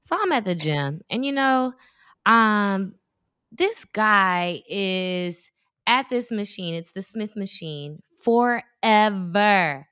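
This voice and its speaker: A woman in her thirties chatting casually and telling stories in an animated way. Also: medium pitch, slow pace, smooth, no room sound, clean studio sound. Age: 30s. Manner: animated storyteller. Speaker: guest. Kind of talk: casual chat.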